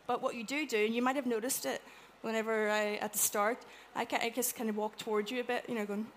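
A woman with an Irish accent giving a chatty, animated talk to a live audience, acting out little quotes as she goes. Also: a little high, fast, slight background noise. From Ireland. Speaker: conference speaker. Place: event room with an audience.

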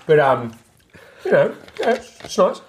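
A man's voice: a little high, sing-song, unhurried, a little hiss or hum. A man, co-hosting a podcast, teasing and swearing in casual chat. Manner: teasing, profane. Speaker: co-host.

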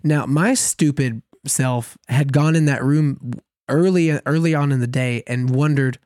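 A man co-hosting a podcast, telling a long story in a casual, animated way, laughing at himself often. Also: mid-range voice, measured pace, no room sound, clean studio sound. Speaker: podcast co-host.

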